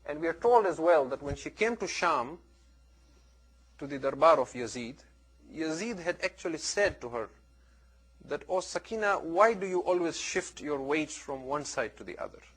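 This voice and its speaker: A man delivers a religious lecture to a gathering, his voice sitting somewhat high for a man. He tells his stories with emphasis, swinging between loud, lifted lines and low, hushed drops. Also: lively intonation, moderate pace. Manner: storytelling, emphatic with dramatic rises and drops.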